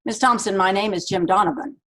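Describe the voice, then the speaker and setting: Lady reading a pushy formal lawyer guy, impatient, keeps pressing, husky voice. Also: medium pitch, fairly quick, a bit bright, lightly acted. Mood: insistent. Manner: insistent, formal. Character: persistent older male lawyer, impatient.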